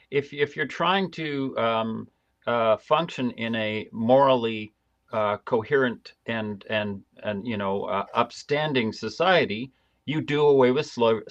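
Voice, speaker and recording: Male host, sarcastic commentary, halting with fillers, mid-pitched, slightly muffled stream audio. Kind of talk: live-stream commentary reading a document.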